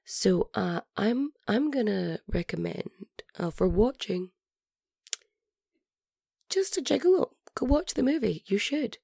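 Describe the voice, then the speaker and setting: A woman hosting a podcast, telling a story casually with lots of fillers, her voice gravelly from being sick. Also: medium pitch, lively intonation, measured pace, mellow, dry recording, clean studio sound. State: sick, hoarse. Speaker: podcast host.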